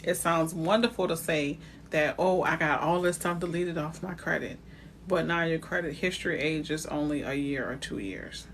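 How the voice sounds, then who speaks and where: A woman's voice: low voice, moderate pace, a little hiss or hum. A woman realtor talking live to viewers about credit in a chatty, direct way, greeting them by name as she goes. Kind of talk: live-stream talk on building credit.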